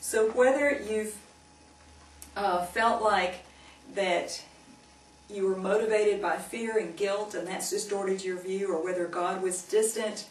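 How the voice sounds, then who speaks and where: A woman giving a Christian teaching, earnestly telling a story and gently urging her listeners. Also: mid-range voice, fairly even intonation, takes it slowly. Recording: echoey room, mic at a distance, faint noise.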